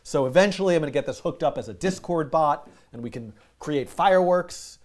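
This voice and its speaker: A man hosting a live coding stream, chatting casually, animated and self-mocking, laughing often. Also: a little high, fairly quick. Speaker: livestream coding host. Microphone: headset with music in his ear.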